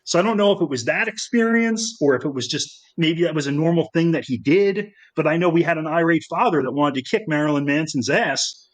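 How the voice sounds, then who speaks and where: Middle-aged man, slightly high voice, rambling anecdotes, lots of fillers, podcast guest. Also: fairly quick, rough recording. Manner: rambling, animated anecdotes with many fillers and restarts. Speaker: guest filmmaker. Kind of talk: casual storytelling interview.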